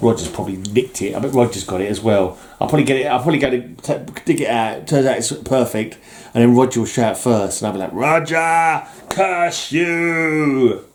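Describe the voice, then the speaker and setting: A man's voice: medium pitch, quick pace, darkish tone, a little hiss or hum. Rambling man chatting about comics. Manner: rambling, jokey, self-mocking with mock-villain bluster. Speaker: comic collector vlogger. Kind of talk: casual chat.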